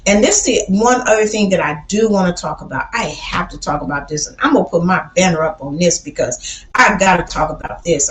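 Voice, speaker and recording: A woman's voice: medium pitch, echoey room, low-quality recording. Blunt woman streamer from Chicago. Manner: blunt, preachy, says baby a lot. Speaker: livestream host. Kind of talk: casual livestream talk.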